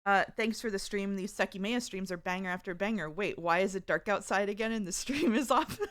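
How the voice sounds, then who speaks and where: A woman's voice: mid-range voice, a little fast, few pauses, fairly bright tone. A woman streamer chatting casually with her viewers, reading out their messages and laughing often. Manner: reads chat aloud, chatty and giggly. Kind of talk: casual live-stream chat.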